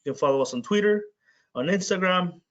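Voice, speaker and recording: A man giving a webinar presentation for a community organization, halting often with filler sounds. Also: sits high, lively intonation. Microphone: video call. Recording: muffled video-call audio.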